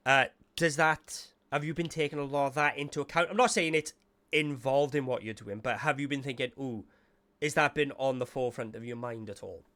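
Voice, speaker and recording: Male host, mid-pitched, chatty and rambling, casual panel talk. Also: a little fast, pushed and bright. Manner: chatty, meandering, self-correcting.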